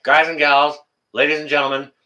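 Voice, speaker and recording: A man's voice: fairly high pitch, level tone, a little fast, bright, forceful tone, lo-fi sound. A man hosting a casual livestream, talking to viewers in the chat by name and ranting indignantly, often repeating his phrases. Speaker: livestream host.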